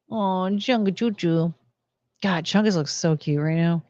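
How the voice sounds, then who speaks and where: A young woman streaming a casual chat, talking to her dogs in a high baby-talk voice between plain remarks. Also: a little slow, darkish tone, highs cut off.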